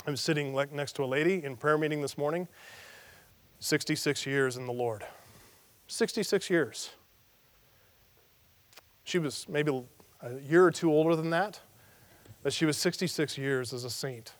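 A man's voice: on the high side, normal speed, pauses often, long reverb tail. A man preaching an expository sermon as pastor, emphatic and repeating his key phrases.

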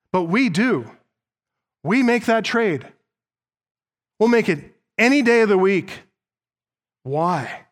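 A male pastor preaching a sermon, emphatic and earnest, often asking his listeners rhetorical questions. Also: fairly high pitch.

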